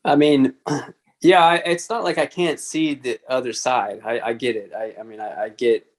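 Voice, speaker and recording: A man from Texas, a racer being interviewed, speaking in a hesitant, low-key way full of fillers. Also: fairly even intonation, normal speed. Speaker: motorcycle racer, guest. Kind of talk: casual podcast interview.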